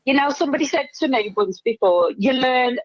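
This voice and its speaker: An older English woman calls in to a fan show, her voice a bit high and very dry. She talks earnestly and often ends on tag questions. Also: lively intonation, a little fast, no room sound, poor audio. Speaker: caller. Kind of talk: casual phone-in chat.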